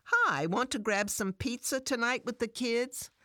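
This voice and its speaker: A woman's voice: on the high side, a little slow, no echo, studio quality, voice pushed up. A woman doing a frank, caring best friend. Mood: probing. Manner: gentle, probing, plain-spoken.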